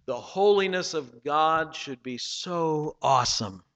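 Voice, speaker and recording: A man preaching a sermon, reading scripture dramatically and swinging between loud passages and hushed ones. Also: a little high, animated, slow, in a large hall. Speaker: pastor.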